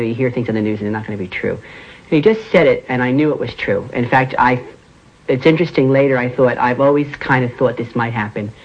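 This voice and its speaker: A man in a documentary interview, recalling events in halting, emotional speech with many fillers. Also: medium pitch. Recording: dull lo-fi recording.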